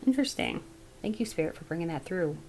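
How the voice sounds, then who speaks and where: A woman giving a casual tarot reading, thinking aloud as she goes in a musing, unhurried way. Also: fairly low pitch, animated, darkish tone, poor audio. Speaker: tarot reader.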